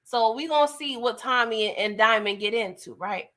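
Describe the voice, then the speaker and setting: A woman's voice: on the high side, moderate pace, a bit bright. A woman giving a casual, slangy recap of a TV episode, chatty and laughing often. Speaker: TV recap reviewer.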